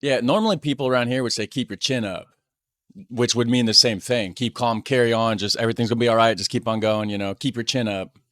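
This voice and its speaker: American man, casual reaction talk, relaxed, chatty, dry close-miked sound. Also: medium pitch, fast talker, no echo. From United States. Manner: relaxed, chatty, laughs often. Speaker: YouTube reactor.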